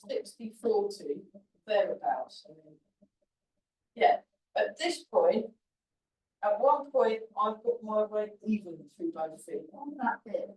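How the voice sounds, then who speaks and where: A woman's voice: mid-range voice, darkish tone. A woman teaching a tai chi class, chatty and encouraging as she talks through the moves. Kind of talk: teaching a class while demonstrating. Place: large roomy class hall. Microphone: camera at a distance. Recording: echoey hall from far off.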